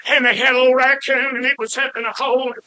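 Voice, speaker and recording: A man's voice: very high voice, flat delivery, quick pace, sharp tone, rough recording. A man, a preacher telling a folksy story in a sermon and now and then bursting into hollering.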